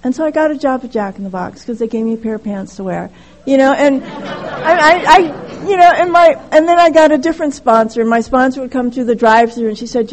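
A middle-aged woman with a high voice shares her recovery story at a meeting. She talks candidly and haltingly, often restarting sentences and adding "you know". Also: a faint crowd, a little hiss or hum, poor audio. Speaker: speaker sharing at a recovery meeting.

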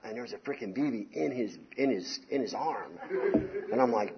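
A man's voice: mid-range voice, normal speed, over a noisy crowd, heavy background noise. Rambling storytelling man, slightly dull recording. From Southern US. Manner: rambling and animated, peppered with "man" and "you know". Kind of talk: casual personal storytelling.

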